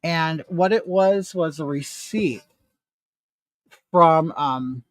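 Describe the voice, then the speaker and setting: Brief: middle-aged man with a high, bright voice, animated and indignant storytelling, dry close sound. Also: drawn-out words, no room sound. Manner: animated, indignant retelling with rising emphasis. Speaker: vlogger. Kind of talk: casual storytelling while doing makeup.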